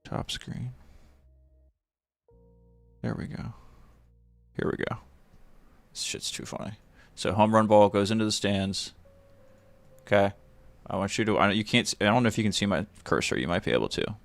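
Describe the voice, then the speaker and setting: Man giving animated, profane live commentary. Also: lowish voice, moderate pace, creaky, long pauses, no echo, faint music behind. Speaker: live stream host. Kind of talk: casual live-stream commentary over a video.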